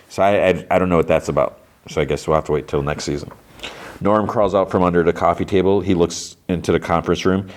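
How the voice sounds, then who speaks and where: A man's voice: sits low, fairly even intonation. A man hosting a podcast, casually retelling a television episode scene by scene, full of "he's like" and small restarts. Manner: retells scenes loosely, lots of "he's like" and "kinda", quick restarts. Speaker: podcast host.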